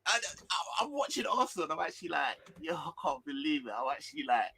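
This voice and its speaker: A man with a London accent, loud and excitable, co-hosting a casual football chat. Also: on the high side, quick pace, vocal fry, a crowd in the background. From Northwest London. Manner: loud, excitable, mock-outraged. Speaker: co-host.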